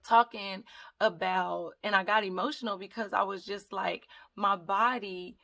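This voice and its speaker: A woman's voice: medium pitch, steady tone, unhurried, gravelly, sharp tone. A woman vlogger chatting to her viewers in a casual, rambling storytime, often calling them y'all. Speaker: hair vlogger.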